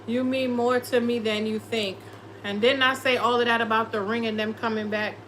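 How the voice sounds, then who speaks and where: A woman's voice: on the high side, steady tone, moderate pace, a bit bright, a little hiss or hum, poor audio. A woman doing a casual tarot reading, sassy and profane, often slipping into quoted voices. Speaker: tarot reader.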